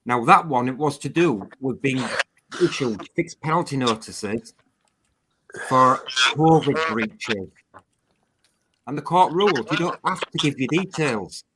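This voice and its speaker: A man's voice: medium pitch, animated, a little slow, background noise. A man hosting a live call-in stream, explaining points steadily and speaking directly to callers. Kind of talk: casual chat.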